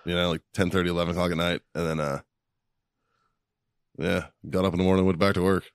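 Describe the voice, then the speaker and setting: A man's voice: deep voice, flat delivery, fast, clean tone, no room sound, studio quality. A man hosting a podcast, telling stories in casual chat, laughing often and swearing constantly. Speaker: podcast host.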